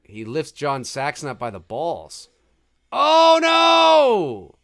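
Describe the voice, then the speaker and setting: A man's voice: medium pitch, expressive, unhurried, fairly bright tone. A man hosting a live movie commentary, chatting casually and joking about the scenes as they play. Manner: chatty, jokey, reacting with laughs and mock quotes.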